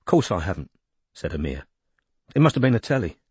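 A man reading an audiobook voices a tense, guarded young man with a flat London accent. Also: deep voice, a little fast, husky, dry recording, full character voice.

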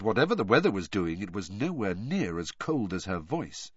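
A male audiobook narrator with a slightly husky voice, reading in a measured, expressive way with a lively rise and fall in pitch. The recording sounds dull, lo-fi and dry. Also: no room sound. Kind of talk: storybook narration.

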